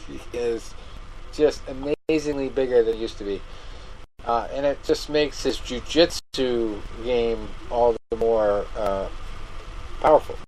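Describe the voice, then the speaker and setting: A man chatting casually about fights, animated and quick to laugh, tossing in the odd curse. His voice sits at an ordinary pitch, with a faint hiss of noise in the background. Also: poor audio. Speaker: co-host. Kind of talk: casual fight recap chat.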